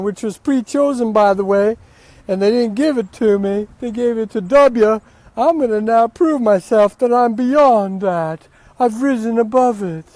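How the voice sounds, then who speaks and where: A smug, self-righteous politician bragging about rising above defeat, as a man mockingly puts him on. The delivery is loud and sneering, a sarcastic caricature. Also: extremely high pitch, no echo, voice pushed up.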